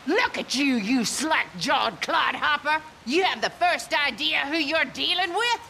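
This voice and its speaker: Mean, foul-mouthed old granny. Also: female voice, sits high, lively intonation, unhurried, vocal fry, sharp tone, slight background noise, exaggerated voice. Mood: scornful. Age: older. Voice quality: harsh, scolding. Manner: hurls insults and threats. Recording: game audio with music behind.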